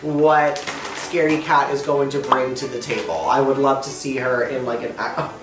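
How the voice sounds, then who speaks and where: A man talking in a casual, enthusiastic way as he co-hosts a review podcast, tossing in quick asides. His voice sits at a middling pitch. The room sounds echoey, with music playing clearly behind him. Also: steady tone. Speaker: podcast co-host.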